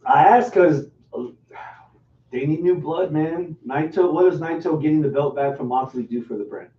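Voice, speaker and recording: Laid-back male podcast co-host, a bit high-pitched, recorded dull and lo-fi with faint hiss. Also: normal speed. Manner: laid-back, asks the others questions. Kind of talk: casual wrestling chat. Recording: roomy, distant, dull with faint noise.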